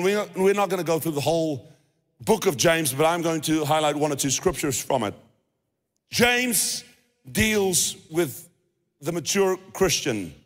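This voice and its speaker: A man with a South African accent preaching a sermon, talking in a casual way and repeating himself as he goes. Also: on the high side. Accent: South African English. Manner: conversational preaching with restarts and repeated phrases. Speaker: pastor. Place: church hall. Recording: long reverb of a church hall.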